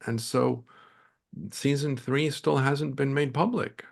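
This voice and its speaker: Man, podcast host, casual chat, reflective, gravelly voice, mid pitch. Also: steady tone, takes it slowly. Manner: reflective, trailing off and restarting.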